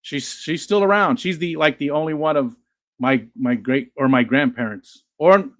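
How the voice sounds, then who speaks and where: A man's voice: fairly high pitch, moderate pace, a bit bright, no echo, clean studio sound. Jokey man on a casual livestream. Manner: jokey, quotes movies, reads chat aloud. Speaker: livestream co-host. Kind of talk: casual chat.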